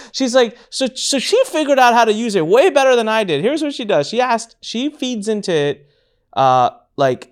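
A man hosting a casual business talk, telling stories with lively acted-out quotes. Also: brisk, clean tone. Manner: animated storyteller, acts out quotes with big pitch jumps. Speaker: podcast host.

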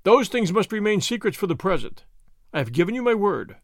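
Man reading as a bold masked highwayman, raised and lively pitch, scornful and commanding, dry close sound. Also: a little fast, no room sound. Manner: lofty, declamatory and scornful.

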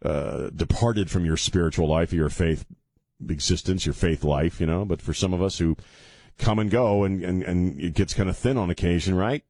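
A man's voice: low voice, normal speed, a little mellow, no room sound, studio quality. A man hosting a talk radio show, rambling casually and joking at his own expense, then turning earnest about faith. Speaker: radio host. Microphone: studio mic with headphones.

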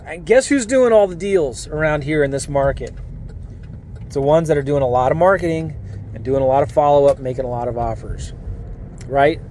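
A middle-aged man hosting a podcast, talking casually and earnestly from a parked car, with energetic restarts and rambling asides. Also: on the high side, fairly quick, slight background noise. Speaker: podcast host and coach. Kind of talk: casual motivational podcast monologue.

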